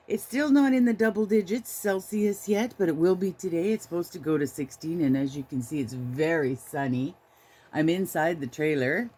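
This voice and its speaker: A woman's voice: lowish voice, normal speed, mellow, slightly rough. An older woman hosting a knitting vlog, chatting casually and rambling, sometimes talking fondly to her dog, recorded on a handheld camera inside a small trailer. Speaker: knitting podcast host.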